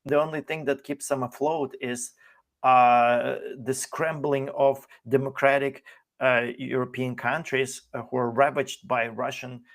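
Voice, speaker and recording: A man in a heated political discussion, indignant and sarcastic, halting often on fillers and restarts. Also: medium pitch, level tone, a bit bright. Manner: indignant, sarcastic, mocks others in put-on voices. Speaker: podcast host.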